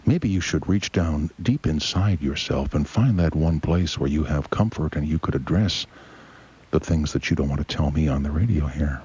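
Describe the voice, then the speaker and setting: A man voicing a condescending male radio psychologist who probes slowly and deliberately. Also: rumbling low, dark tone, breathy edge, highs cut off, voice pushed down, heavily acted. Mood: probing. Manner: slow, probing, condescending. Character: smug slow-talking male radio psychologist. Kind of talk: comic impression.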